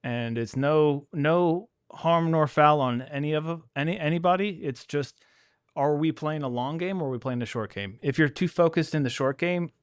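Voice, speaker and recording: A man's voice: fairly high pitch, normal speed, clean tone, dry recording, clean studio sound. A man hosting a casual podcast chat about his pressure washing business, talking candidly and acting out what other people said. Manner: candid, animated, acts out quoted people.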